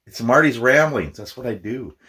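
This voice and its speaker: A man's voice: mid-range voice, animated, moderate pace, bright, forceful tone. A middle-aged man from Minnesota talking in a casual, rambling vlog, self-deprecating and laughing often. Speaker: YouTuber.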